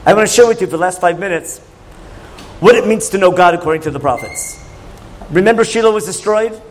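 Man, high voice, Torah class teacher, conversational lecture, quizzes the listeners. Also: fairly quick, low-quality recording. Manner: questioning, conversational, asks the audience.

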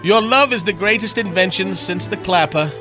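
Man reading insult poems over loud music. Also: sits high. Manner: deadpan verse with punchline pauses, laughing at his own jokes. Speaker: radio show regular reading joke poems. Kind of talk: comic poetry reading on a radio show.

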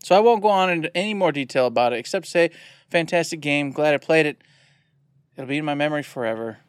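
A man co-hosting a video game podcast in an animated, jokey way, laughing often. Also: on the high side, quick pace, smooth, no room sound, clean studio sound. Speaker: podcast co-host. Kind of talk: casual chat.

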